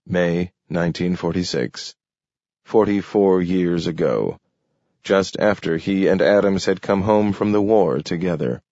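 Slow, expressive male storyteller. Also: low voice, no echo, dull audio. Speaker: narrator. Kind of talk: audiobook narration.

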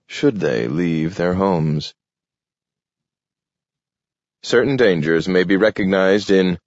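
A man narrating a science fiction story in a measured, even way. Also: low-pitched, dry recording. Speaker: audiobook narrator. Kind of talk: scripted narration. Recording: dull lo-fi dry recording.

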